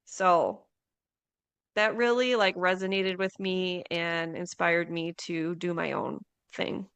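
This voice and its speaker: Unhurried, candid woman farmer guest. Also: on the low side, vocal fry, clear, resonant tone. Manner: relaxed, candid, blunt. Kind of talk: casual interview chat.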